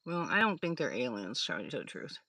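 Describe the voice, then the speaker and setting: A woman's voice: rumbling low, sing-song, brisk, sharp tone, husky, no room sound. An older woman hosting a live stream, rambling through stories in casual chat with her viewers, laughing often. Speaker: livestream host.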